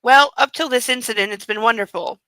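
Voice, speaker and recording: Possessive rich young husband, low and hushed, a woman reading him out, dry close mic. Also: brisk, clean tone, no echo, rough recording. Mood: dismissive. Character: controlling wealthy young husband, smooth and possessive.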